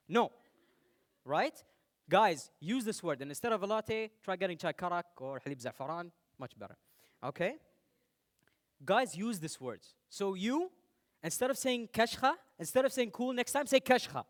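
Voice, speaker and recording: A young man from the United Arab Emirates gives a talk on stage before an audience. His voice sits high and swings widely in pitch as he jokes and calls out to listeners. The delivery is animated and playful throughout. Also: moderate pace. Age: young adult. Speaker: speaker.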